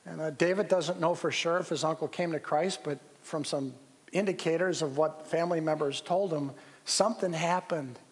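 Pastor preaching in an echoing church. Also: male voice, on the high side, breathy edge. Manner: earnest storytelling, pauses and restarts. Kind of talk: sermon. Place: church sanctuary. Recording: long reverb of a church hall.

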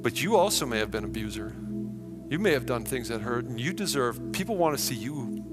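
Animated preacher with a ringing hall reverb. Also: male voice, mid-range voice, brisk, music in the background. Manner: animated, vivid storytelling. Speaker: pastor. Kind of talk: sermon.

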